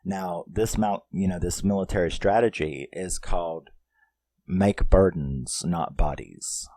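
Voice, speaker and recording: A man's voice: low-pitched, a little slow, dark tone, no echo, studio quality. A man giving a casual, rambling film review, swearing freely and using lots of fillers. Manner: rambling and profane, with many fillers.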